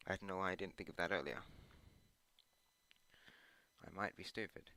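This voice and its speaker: Gaming host, man, low and bright, dry close sound, rambling and hesitant. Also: moderate pace, smooth, no echo. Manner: meandering and hesitant, with many ums and uhs; self-deprecating asides. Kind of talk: rambling commentary while playing a video game.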